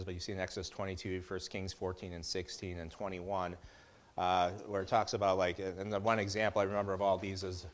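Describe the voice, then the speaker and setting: A middle-aged man giving a casual Bible teaching in a conversational way, with joking asides and frequent restarts. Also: sits low.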